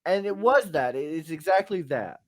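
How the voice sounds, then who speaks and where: Here a man co-hosts a podcast, his fairly high voice full of lively intonation at a moderate pace as he delivers a blunt, emphatic, profane rant about tough love. It's casual, opinionated talk with no room sound.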